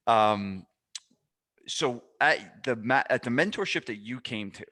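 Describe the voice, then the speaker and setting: A man hosting a podcast, telling stories in a casual, animated way, often restarting his sentences. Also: mid-range voice, measured pace. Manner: animated storytelling with frequent restarts. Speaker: podcast host and fitness business mentor.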